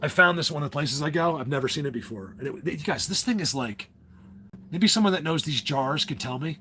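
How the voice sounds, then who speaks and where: A man's voice: fairly high pitch, lively intonation, a little fast, sharp tone, a little hiss or hum. A man hosting a casual livestream, rambling and ranting to his viewers with frequent restarts. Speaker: livestream host.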